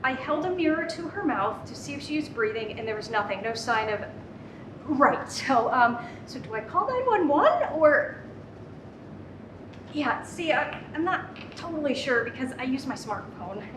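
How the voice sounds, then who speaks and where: A woman's voice: high voice, sing-song, moderate pace. A woman playing a flustered, stammering mom. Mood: frazzled. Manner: flustered, stammering, constant restarts and interruptions. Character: frazzled middle-aged mom juggling phone, elderly mother, toddler. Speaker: comedic actor. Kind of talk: live comedy sketch monologue. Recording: roomy, distant, noisy live recording.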